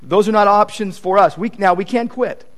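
A man's voice: sits high, normal speed. A male pastor preaching a sermon, repeating key points for emphasis and acting out quoted conversations. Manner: animated, acts out quoted conversations; emphatic repetition.

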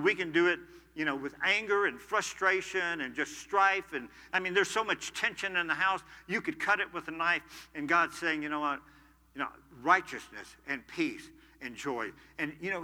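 An older man preaching a sermon, moving between loud emphatic preaching and quiet personal storytelling. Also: sits high. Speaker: pastor. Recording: long hall reverb.

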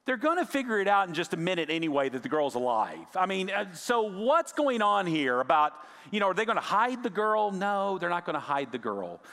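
A male pastor preaching a sermon, swinging from raised emphasis down to hushed, near-whispered lines. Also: high voice, big pitch swings, a little fast, hardly any pauses, big-room sound.

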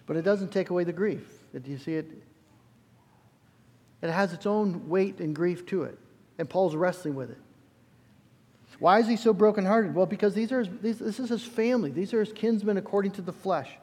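A man's voice: sits high, moderate pace, darkish tone, slightly rough, long reverb tail. A male pastor preaching a sermon in an earnest, emphatic way, often restarting his phrases.

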